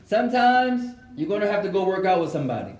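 Man, slightly high voice, teaching a class, mixes in arabic phrases, echoey room. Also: very animated, fast, a little mellow. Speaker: Islamic teacher. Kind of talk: lecture with Q&A.

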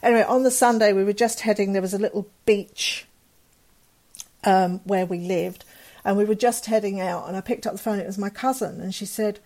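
A woman's voice: mid-range voice, steady tone, brisk, a little mellow. A middle-aged woman, a guest telling a personal story in a candid, earnest way with fillers and restarts. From England.

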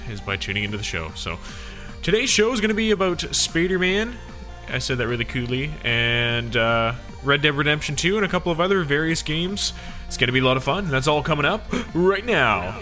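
A man hosting a gaming podcast in a casual, upbeat way, often filling pauses with "uh." His voice is bright and forceful at a middle pitch. Faint music sits behind him. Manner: upbeat, chatty, laughs easily, frequent "uh"s. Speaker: podcast host. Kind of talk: casual chat.

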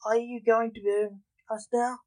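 A reader voicing a calm, sly male warlock who is held prisoner. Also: medium pitch, measured pace, no room sound, pitched above the performer's own voice, close to an everyday voice. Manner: calm and teasing.

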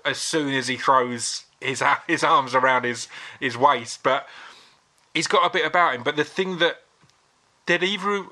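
A man in casual podcast chat, telling animated stories with frequent laughs and stumbles over his words. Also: fairly high pitch. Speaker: podcast panelist.

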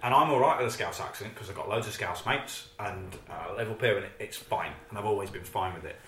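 A man's voice: on the low side, quick pace, fairly bright tone, roomy sound. A man from southern England hosting a podcast, chatting easily and throwing in joking asides. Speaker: podcast host. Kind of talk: casual interview chat.

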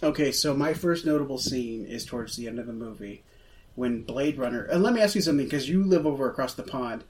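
A man's voice: medium pitch, a little mellow, slight background noise. A man co-hosting a casual film podcast, stammering and restarting as he builds up to his questions. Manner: halting starts, stammers before questions. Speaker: podcast co-host. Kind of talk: casual film-review chat.

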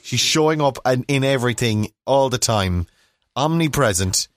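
A man in his forties with an Irish accent, co-hosting a radio show, chatting in a relaxed, wry, rambling way. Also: mid-range voice, moderate pace, dry recording, studio quality. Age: 40s. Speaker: radio co-host. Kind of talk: casual chat.

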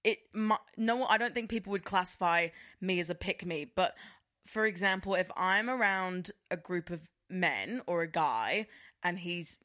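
A young woman co-hosting a casual podcast chat, animated and laughing, with lots of fillers. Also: fairly low pitch, a little slow. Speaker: podcast co-host.

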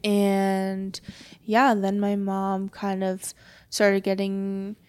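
A young woman speaks softly and hesitantly in a casual podcast conversation, often pausing and restarting her thoughts. Her pitch sits mid-range and barely moves, giving her voice an even, level sound. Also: smooth. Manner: soft-spoken, hesitant, many fillers. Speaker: podcast guest.

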